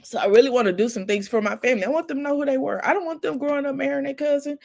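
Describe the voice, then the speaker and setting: A middle-aged woman hosting a casual chat stream, telling emotional family stories with laughs and soft asides. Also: high voice, racing, gravelly. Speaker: host. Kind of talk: casual heartfelt storytelling.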